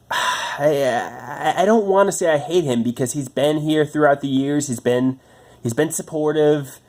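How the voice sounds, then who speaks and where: A man venting about his home life in a personal monologue, stammering through restarts and swearing often. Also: a little high. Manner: halting, stammering restarts, frustrated. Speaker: vlogger.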